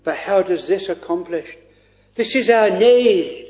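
A man preaching a sermon in an earnest, hesitant way with frequent pauses. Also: high voice, animated, a little mellow. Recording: dull lo-fi recording.

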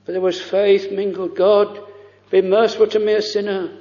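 A man preaching a fervent, pleading sermon, full of drawn-out exclamations and quoted prayers. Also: high-pitched, level tone, dark tone. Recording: lo-fi recording in a reverberant church.

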